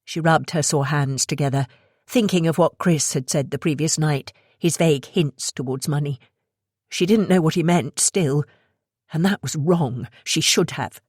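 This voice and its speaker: Low-voiced woman narrating a thriller. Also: moderate pace, darkish tone, slightly rough, no room sound, studio quality. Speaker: audiobook narrator.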